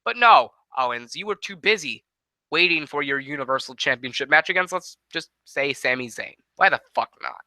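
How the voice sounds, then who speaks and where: A man's voice: on the high side, lively intonation, normal speed, bright, forceful tone, dry recording. A man ranting as an aggrieved, profane wrestler. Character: aggrieved male wrestler ranting at his former best friend.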